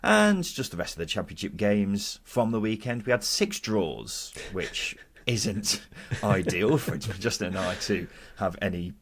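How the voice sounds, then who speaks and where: Jokey English podcast host, husky low voice. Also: male voice, very animated, measured pace, few pauses. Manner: jokey, upbeat presenter who reads out listener comments. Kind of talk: casual football podcast chat.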